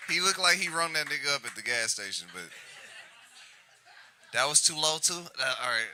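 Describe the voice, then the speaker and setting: A man's voice: on the high side, animated, moderate pace, bright, forceful tone. A man hosting a live stand-up comedy show, hyping the crowd and tossing off crude asides between acts. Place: comedy club stage. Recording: noisy live club recording.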